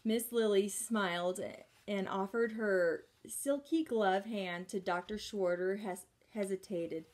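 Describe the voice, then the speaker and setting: A woman's voice: medium pitch, takes it slowly, a little mellow. A woman reading a children's chapter book aloud, with chatty asides in between. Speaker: reader.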